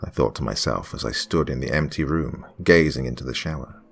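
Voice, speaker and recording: A man reading a first-person horror story in a hushed voice that drops to whispers. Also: a bass voice, brisk, vocal fry, breathy edge. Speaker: horror podcast narrator. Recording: faint music under the voice.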